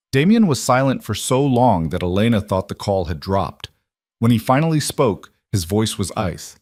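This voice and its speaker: A man giving steady, measured scripted narration of a dramatic story. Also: fairly low pitch, dry recording, clean studio sound.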